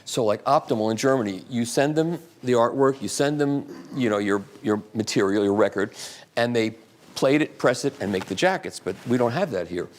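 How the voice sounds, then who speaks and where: At a moderate pace, in an expressive mid-range voice, an invited speaker in his sixties tells rambling anecdotes at a radio museum event. He keeps it casual and self-deprecating while answering questions from the audience.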